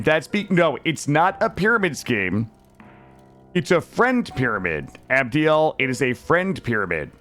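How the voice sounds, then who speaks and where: A man's voice: on the high side, a bit bright. A man from Vermont chatting casually with his live-stream chat while he plays, joking and swearing freely. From Vermont, USA. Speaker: gaming streamer.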